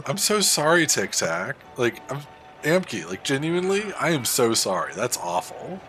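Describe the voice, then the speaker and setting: A man with an animated, swinging voice chats casually while he plays a game on stream, reading out and answering his viewers. His voice sits at a middle pitch, with faint music playing behind him. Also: normal speed. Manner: chatty, reads and answers chat, animated. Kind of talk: casual game livestream chat. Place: home room at a standing desk.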